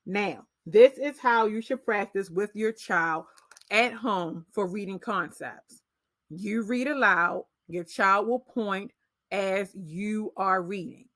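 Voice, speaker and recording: A woman teacher walks parents through reading skills at a measured, deliberate pace. Her voice sits in a middle pitch. The sound is close and dry, with no room around it. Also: fairly bright tone, no echo. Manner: slow, deliberate modeling of read-aloud pacing. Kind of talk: instructional explanation for parents.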